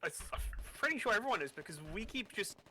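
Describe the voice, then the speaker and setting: A man's voice: high-pitched, big pitch swings, fast, bright, forceful tone, a little hiss or hum, poor audio. A man on voice chat giving urgent callouts to his team. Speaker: teammate on voice chat.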